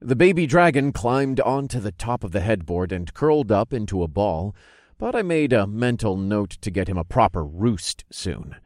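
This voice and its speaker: A man narrating a first-person fantasy audiobook with an expressive storytelling delivery. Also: on the low side, moderate pace, no room sound, studio quality.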